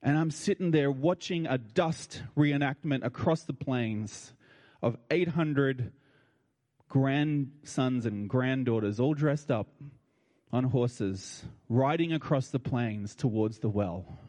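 An older Australian man tells a personal story with plain, heartfelt emotion and casual turns of phrase. His mid-pitched voice carries a long reverb from a large hall. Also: slow, a little mellow. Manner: colloquial and heartfelt, with feeling in his voice. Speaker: speaker addressing an audience.

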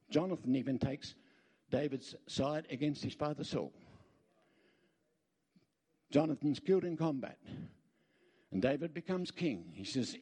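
A man's voice: a little high, breathy edge. A middle-aged Australian man preaching a sermon, telling stories with jokes and asides to the congregation. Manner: lively storytelling with jokes and asides. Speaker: pastor.

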